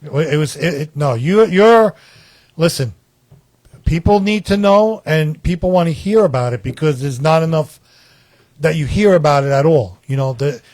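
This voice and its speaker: A man's voice: fairly high pitch, normal speed, a little mellow, no echo. A man hosting a casual studio chat show, talkative and often restarting his sentences. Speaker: talk show host. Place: small studio.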